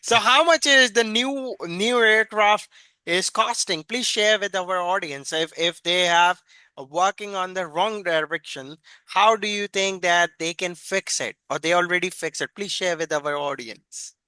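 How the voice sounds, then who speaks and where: A male interviewer with a high, bright voice, eager and deferential, who keeps nudging his guest to explain things. His sound is dry and close. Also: unhurried, clean tone, dry recording. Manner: eager, many affirmations, polite "sir". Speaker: interview host. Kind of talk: interview questions.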